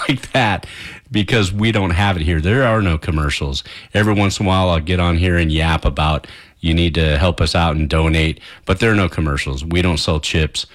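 A man, a radio DJ doing a friendly, rambling pledge-drive talk with chuckles on a studio broadcast mic. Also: sits low.

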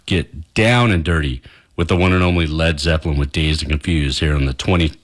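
A man's voice: very deep voice, a little fast. A man, a radio DJ doing a friendly, rambling pledge-drive talk with chuckles on a studio broadcast mic.

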